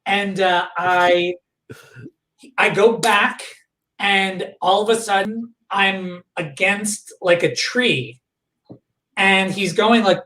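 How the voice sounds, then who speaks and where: A man guest on a podcast, recounting a personal memory in a halting way, full of fillers and restarts. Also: high voice, pushed and bright. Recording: echoey room, voice far from the mic.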